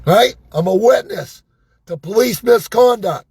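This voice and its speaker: An older man with a high, husky voice vents in a slow, agitated monologue, swearing and asking "right?" again and again. The sound is dry and close, with no room around it. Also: lively intonation, darkish tone, no echo. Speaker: vlogger. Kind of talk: angry personal monologue.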